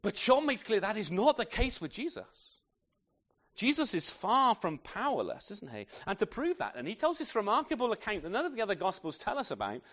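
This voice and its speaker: Emphatic male preacher, slightly high voice. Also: wildly swooping pitch, fairly quick, a bit bright. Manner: emphatic, with frequent rhetorical questions; addresses children in the congregation. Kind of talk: sermon.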